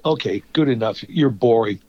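A man spins animated stories and slips into the voices of the people he describes. His pitch sits in an ordinary middle range, and the lo-fi recording sounds slightly dull. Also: normal speed. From Toronto, Canada. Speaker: former radio host and songwriter. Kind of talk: anecdotal storytelling in a conversation.

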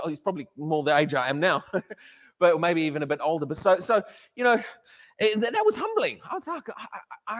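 A middle-aged male preacher with a high, light voice tells a story from the pulpit, often tripping over his words and stopping to laugh. His sermon rings through a hall with a long reverb tail. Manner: storytelling, frequent stammered restarts and laughs.

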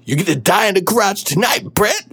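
A man's voice: high voice, lively intonation, brisk, sharp tone, breathy edge, pitched above the performer's own voice, full character voice. A man playing a crude, rambling shock-jock radio DJ who takes callers and laughs between his quips. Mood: brash.

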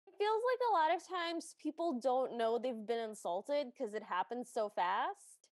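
A woman's voice: fairly high pitch, animated, a little slow, no room sound, studio quality. A woman co-hosting a podcast, chatting casually and reacting with wry asides. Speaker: podcast co-host. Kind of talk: casual chat.

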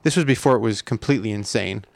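A man with a gravelly, creaky voice tells a story in relaxed podcast talk. He is easygoing but builds suspense as he goes, and the recording sounds close and dry. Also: fairly low pitch, fast talker, no echo. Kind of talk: casual storytelling.

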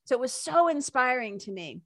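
A woman's voice: sits high, a little fast, dry recording, studio quality. A woman telling a personal story in a casual, emotional monologue, full of fillers and laughter. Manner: animated, emotional, many fillers like "like" and "you know"; breaks into laughter. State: emotional, near tears.

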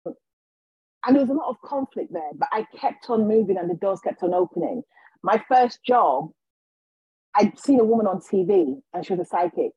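A woman, a guest on a podcast, telling her personal story in an animated way and acting out what people said to her. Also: medium pitch, moderate pace, husky, dry recording, dull audio. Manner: animated, acts out quoted dialogue. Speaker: guest, healer and intuitive.

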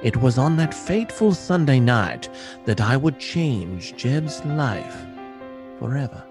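Male narrator, dramatic and very slow, with faint music behind him. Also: mid-range voice, very animated. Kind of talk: scripted comic narration.

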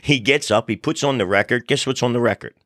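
A man hosting a podcast, telling funny stories in a relaxed, animated way. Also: medium pitch, quick pace, dry recording, clean studio sound. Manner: animated storyteller, acts out crowd voices. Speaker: podcast host. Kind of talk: casual storytelling chat.

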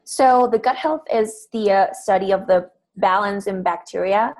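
A woman's voice: medium pitch, normal speed, darkish tone, low-quality recording. Woman explaining earnestly. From Peru. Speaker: health coach, guest. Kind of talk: interview answers.

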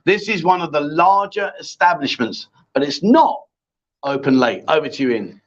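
A man's voice: a little high, expressive, brisk, a bit bright. A man hosting a casual live-stream chat show, chatty and bantering with his co-host. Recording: dull lo-fi stream audio.

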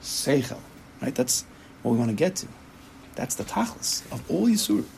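A man teaching a Torah class as a rabbi, speaking emphatically and acting out inner voices in quick quoted asides. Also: mid-range voice, big pitch swings, creaky, a little mellow, slight background noise, low-quality recording.

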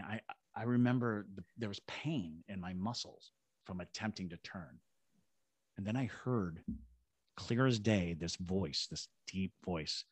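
With a fairly low, slightly rough voice and no room sound, this Savannah, Georgia man is a podcast guest who investigates the paranormal. He spins an animated story, acting out what others said in their own voices.

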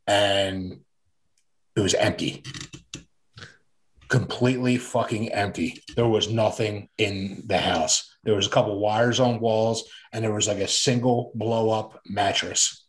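A man's voice: lowish voice, fairly even intonation, a little slow. Rambling man telling his story. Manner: rambling, filler-heavy, frequent restarts and swearing. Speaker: guest sharing his recovery story. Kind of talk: casual personal storytelling.

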